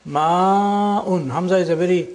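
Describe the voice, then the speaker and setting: An older man teaching a classroom lecture, explaining slowly and deliberately and drawing out example words. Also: high voice, lively intonation, gravelly.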